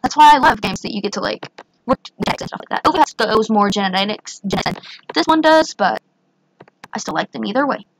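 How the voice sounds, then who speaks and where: A young woman with a hoarse voice, chatting excitedly through her gameplay with lots of fillers. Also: fairly high pitch, a little fast, slight background noise, low-quality recording. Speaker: gaming channel host. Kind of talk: casual gameplay commentary.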